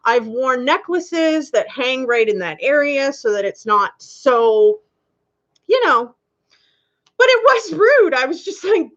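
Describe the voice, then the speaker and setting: Woman streamer just talking to her chat, super expressive voice that jumps all over, kinda muffled audio. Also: high-pitched, takes it slowly. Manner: chatty, candid, laughs often. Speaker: live-stream host. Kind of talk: casual chat with live viewers.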